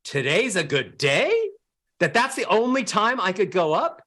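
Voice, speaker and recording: A man speaking as a voice coach, giving a motivational talk and acting out sad, happy and angry ways of speaking. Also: unhurried. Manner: animated, with sweeping pitch.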